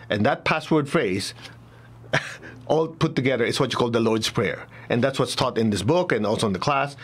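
A man teaching a spiritual class in a loose, chatty way, often laughing and acting out little examples. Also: mid-range voice. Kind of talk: casual talk to a class.

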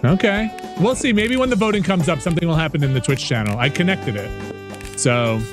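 Male streamer-host, animated and chatty while fixing tech trouble, music in the background. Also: on the high side, fairly quick. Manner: chatty, trouble-shooting, running the game. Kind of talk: casual game stream chat.

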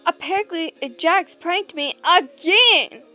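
A woman voicing a kind but flustered ragdoll woman in a fan audio role-play, with loud, exasperated outbursts. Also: very high voice, slow, faint music behind, pitched above the performer's own voice, full character voice. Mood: annoyed.

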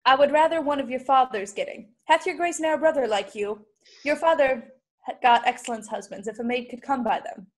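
A teenage girl playing a witty, sharp-tongued young noblewoman in a Shakespeare school play over a video call, full of quick mocking wordplay. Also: high-pitched, natural voice. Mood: teasing. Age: late teens. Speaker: student actor. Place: home.

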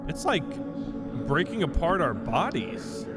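A young man playing a horror game and reacting out loud, jumpy and swearing, losing his voice. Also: fairly high pitch, big pitch swings, a little slow. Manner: jumpy, swearing, talking to himself. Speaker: gaming channel host. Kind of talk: let's play commentary. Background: loud game music.

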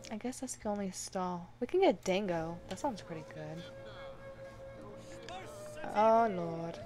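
A woman hosting a life-sim let's play, commenting excitedly with gasps and laughs. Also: on the low side, measured pace, soft background music. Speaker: gaming channel host.

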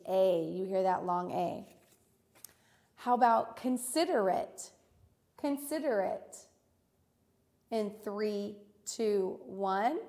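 A woman teacher leads a recorded reading lesson for small children. She speaks at an unhurried pace, sounding out words with careful, deliberate enunciation. She praises often and encouragingly. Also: mid-range voice.

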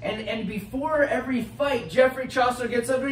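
A man with an American accent, a pastor preaching a sermon with expressive swings from loud to hushed. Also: very high voice, normal speed, hardly any pauses. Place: church sanctuary. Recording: roomy church sound from a distant mic, faint hiss.

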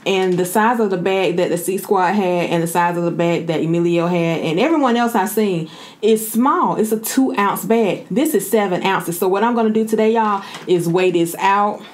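Woman, vlog host, casual chat to camera, informal, playful, mid-range voice. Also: mid-range voice. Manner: chatty, informal, often addresses viewers as y'all. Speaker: vlogger host.

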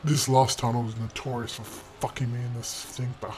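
A man's voice: medium pitch, level tone, normal speed. A young man commenting on his own gameplay footage, exasperated and swearing constantly as he hurls insults at himself. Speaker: gaming video creator.

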